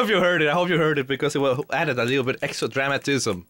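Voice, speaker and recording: A man's voice: medium pitch, fast, few pauses, fairly bright tone. A man streaming a game and chatting with his viewers in a hyper, swearing, mock-ranting way, laughing often. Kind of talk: casual live-stream chat.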